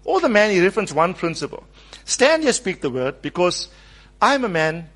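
A man preaching a sermon, animated, calling on the congregation to repeat his words and acting out the quoted speech. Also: high-pitched, moderate pace.

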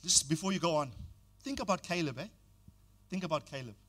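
A man's voice: a little high, expressive, a little fast, fairly bright tone. An older man preaching a sermon as pastor, exhorting the congregation and calling on them to repeat phrases.

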